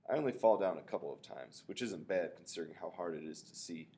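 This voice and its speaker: Deep-voiced man reading a novel aloud. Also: fast talker. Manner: relaxed first-person storytelling, casual asides. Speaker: reader of a novel.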